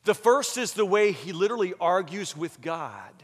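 High-voiced preacher in a reverberant hall. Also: male voice, very animated, moderate pace. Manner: dramatic, acts out excuses in mocking voices, swings from loud to hushed. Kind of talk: sermon.

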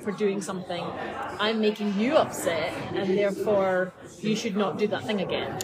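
Chatty woman over loud café crowd. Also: medium pitch, steady tone, moderate pace, low-quality recording. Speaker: dog behaviourist, podcast co-host. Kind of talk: casual conversational discussion. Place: busy coffee shop. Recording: loud cafe crowd behind.

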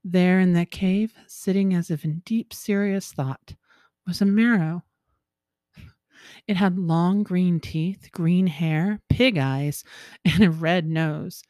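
Expressive woman reading a folktale. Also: on the low side, slow, no room sound, studio quality. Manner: lively, expressive storytelling with chuckles. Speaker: storyteller.

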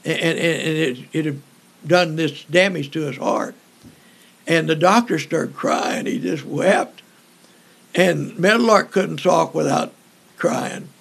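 An older man, an evangelist, telling folksy stories in an interview, joking and pausing often with fillers. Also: on the high side, creaky, fairly bright tone. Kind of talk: storytelling in an interview.

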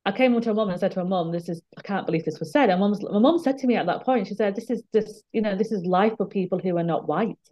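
A woman's voice: medium pitch, fast talker, few pauses, warm tone. A woman telling a personal story in candid conversation, earnest and emphatic, repeating words when moved. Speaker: guest.

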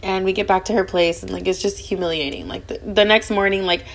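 Young woman, podcast host, fast animated storytelling, lots of swearing. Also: medium pitch, vocal fry. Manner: fast, animated, profanity-laden chatter. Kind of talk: casual storytelling.

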